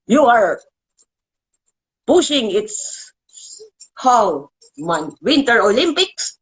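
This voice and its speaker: A woman hosting her own show, delivering an agitated, swearing political rant with emotional pitch swings and halting restarts. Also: big pitch swings, low-quality recording. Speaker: show host. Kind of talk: ranting political monologue.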